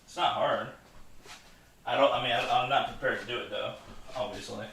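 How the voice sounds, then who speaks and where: A man's voice: medium pitch, moderate pace, gravelly, roomy sound, a crowd in the background. Hesitant man eating on a livestream. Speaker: livestream host. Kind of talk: casual livestream chat while eating.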